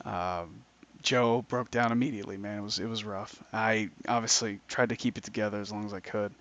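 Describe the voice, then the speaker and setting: A man's voice: on the low side, fairly even intonation, fairly quick, a bit bright. A man in his thirties, a podcast host, telling old stories in casual, profane chat. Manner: swearing, laid-back storyteller acting out voices. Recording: dull lo-fi sound.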